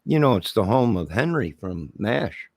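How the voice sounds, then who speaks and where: A man rambles through a casual livestream chat, joking and answering viewers. His voice is deep, gravelly and husky, and he speaks slowly. The sound is dry and close. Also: very animated, darkish tone, dry recording. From Illinois, near Chicago. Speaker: livestream host chatting with viewers.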